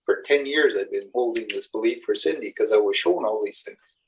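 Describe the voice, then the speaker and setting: A man's voice: on the low side, fairly quick, vocal fry, far from the mic, slight background noise, poor audio. A middle-aged man, a shaman and spiritual teacher, giving a rambling, earnest talk to a live group. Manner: rambling, earnest storytelling with acted-out quotes.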